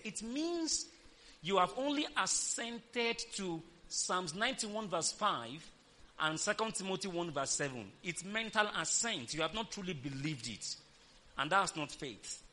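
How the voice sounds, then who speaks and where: A man's voice: sits high, pushed and bright, a little hiss or hum. A man preaching a sermon, emphatic and calling on the congregation to answer back. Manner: emphatic, calls for congregation responses.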